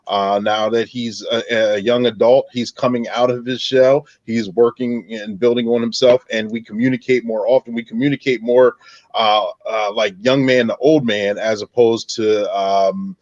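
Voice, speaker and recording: A man's voice: mid-range voice, fairly even intonation, moderate pace, a little mellow, no room sound. A man hosting a podcast panel, a supportive listener who chimes in with short affirmations. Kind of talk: casual panel discussion. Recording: slightly dull dry audio.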